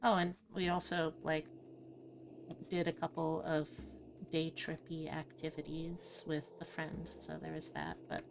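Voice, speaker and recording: A woman hosting a live stream, chatting casually with her audience in a low-key, rambling, self-deprecating way. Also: little pitch movement, measured pace, creaky, noisy background. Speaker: streamer host.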